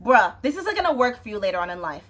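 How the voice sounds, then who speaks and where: A woman's voice: on the high side, very animated, racing. A young woman venting in a casual, exasperated rant to camera, swearing and often asking "you know what I'm saying". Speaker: vlogger.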